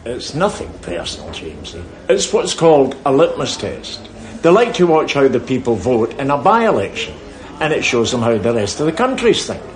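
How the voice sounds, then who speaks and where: An actor playing a knowing, chatty Glasgow pub regular with a Glaswegian accent. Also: male voice, mid-range voice, wildly swooping pitch, moderate pace. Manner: know-all, explaining. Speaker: pub pal.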